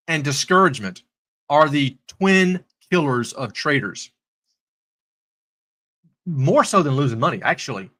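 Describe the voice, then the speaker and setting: A man teaching trading in a faith-based live lesson, an animated storyteller who repeats words as he starts sentences. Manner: animated storyteller, acts out characters with high voices. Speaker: trading instructor. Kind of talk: live-streamed teaching with stories.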